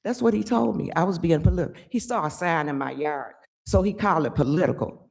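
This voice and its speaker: An older woman giving an angry, emphatic public comment at a village board meeting, often pausing to ask "okay?". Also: on the low side, lively intonation, gravelly, a little mellow, breathy edge. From Chicago area.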